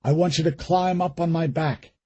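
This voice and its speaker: A man voicing a desperate middle-aged father protecting his daughter, urgent and hushed. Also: a little high, steady tone, normal speed, no echo, highs cut off, voice pushed up, natural voice.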